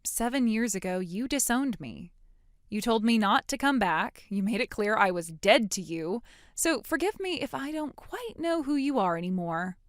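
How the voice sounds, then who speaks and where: A woman's voice: fairly high pitch, lively intonation, moderate pace, no room sound, studio quality, close to an everyday voice. An actress voicing a blunt, sarcastic young woman standing up to her mother in a dramatic story. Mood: defiant. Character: defiant, sarcastic young woman cutting ties. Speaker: grown daughter in a voiced story.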